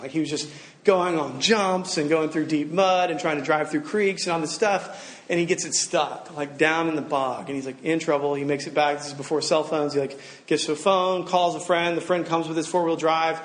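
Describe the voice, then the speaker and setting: A man preaching in a relaxed, chatty way. His voice sits a little high, and it is full of filler words. The sound carries a noticeable room echo. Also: brisk. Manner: casual storytelling with many "like" fillers. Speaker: pastor. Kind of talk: sermon.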